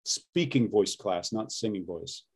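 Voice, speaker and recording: A man's voice: on the low side, expressive, unhurried, a little mellow, husky. A middle-aged man, an accent coach, explaining and demonstrating accents in a casual interview.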